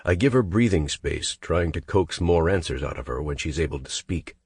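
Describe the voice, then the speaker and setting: A man's voice: rumbling low, animated, moderate pace, a little mellow, slightly rough, no room sound, clean studio sound. A man narrating a romance audiobook in the first person, with an intense, clipped, brooding delivery.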